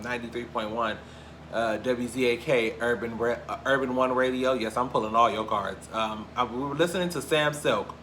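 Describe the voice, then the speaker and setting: A young man from Cleveland hosting a casual gossip show, talking in a lively, profane way with big swings between loud and quiet. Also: medium pitch, slight background noise. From Cleveland, Ohio. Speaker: podcast host. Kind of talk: casual celebrity gossip chat.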